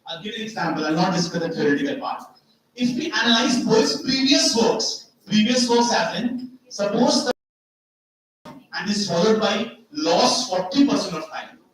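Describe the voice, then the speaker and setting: A man's voice: high-pitched, expressive, normal speed, fairly bright tone, slight background noise. A man giving a seminar lecture with slides, explaining step by step, repeating key words and asking rhetorical questions. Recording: very echoey hall, far from mic.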